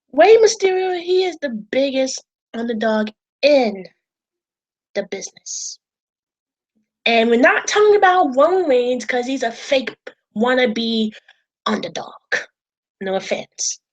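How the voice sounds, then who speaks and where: In a low-quality recording, a woman with a slightly high voice talks about wrestling in a casual vlog to camera. She rambles, says things more than once, and gets emotional, swearing at times.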